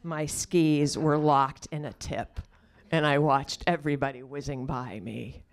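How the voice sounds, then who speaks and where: A woman telling a personal story before an audience, dropping to hushed, near-whispered asides and slowing right down on quoted questions. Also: low voice, steady tone. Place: live storytelling stage.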